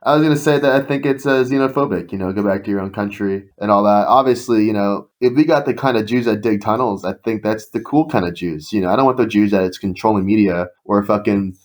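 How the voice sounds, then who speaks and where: A man chats on a podcast in a dry, sardonic way. His voice sits slightly low. He talks casually. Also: fast talker, hardly any pauses.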